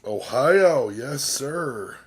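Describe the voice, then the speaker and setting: A man's voice: mid-range voice, lively intonation, very slow, breathy edge. A man hosting a casual live stream, rambling and swearing while chatting with viewers, a bit tipsy from drinking. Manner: rambling, profane, talks to chat and his cats. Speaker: livestream host.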